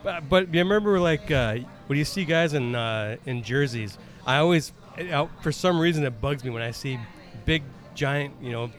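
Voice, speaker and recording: A talkative man co-hosting a podcast, blunt and quick to laugh. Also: fairly high pitch, expressive, soft background music. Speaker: podcast co-host. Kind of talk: casual chat. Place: pizza pub.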